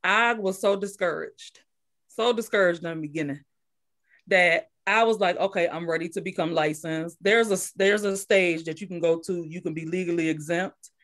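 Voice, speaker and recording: A woman's voice: fairly low pitch, moderate pace, fairly bright tone. A woman who runs a daycare, casually telling her story as a guest and repeating phrases for emphasis.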